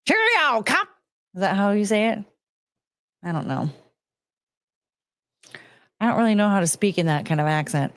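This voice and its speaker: A woman's voice: medium pitch, normal speed, long pauses, darkish tone, dry recording. Casual chatty woman, very dry sound. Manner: scatting beats, chatty and loose, coos at her dogs. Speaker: podcast host. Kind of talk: casual solo chat.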